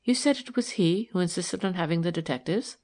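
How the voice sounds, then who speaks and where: A woman reading the part of a calm, gentle woman who asks steady, careful questions, in an audiobook. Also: on the low side, fairly quick, close to an everyday voice.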